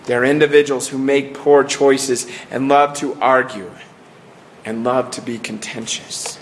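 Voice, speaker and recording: A man's voice: medium pitch, fairly even intonation, a little hiss or hum. A middle-aged man preaching a sermon in an earnest way, often restarting and trailing off at the ends of phrases. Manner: earnest, with many restarts and falling pauses.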